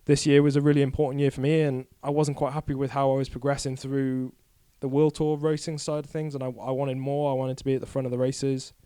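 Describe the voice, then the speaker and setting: A guest cyclist in his 20s talks fast with few pauses, his mid-range voice dark, clear and resonant yet flat in delivery. On this casual podcast he's candid, rambling and self-deprecating, and there's no echo.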